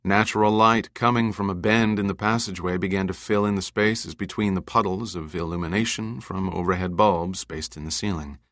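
A man with a low, deep voice narrates an audiobook in a measured, deliberate way. His tone is bright and forceful, and the recording is close and dry with no room sound. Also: fairly even intonation, dry recording.

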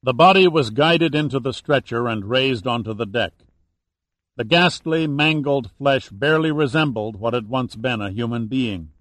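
Dry, steady male audiobook narrator. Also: medium pitch, moderate pace, no room sound.

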